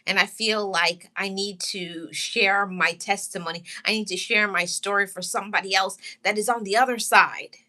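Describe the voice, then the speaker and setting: A woman sharing a painful personal testimony with her viewers, holding back tears, speaking heartfelt and repetitive with pauses and restarts. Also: medium pitch, steady tone, bright, forceful tone. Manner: heartfelt, repetitive, pausing and restarting, greets live chat. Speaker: channel host sharing her story.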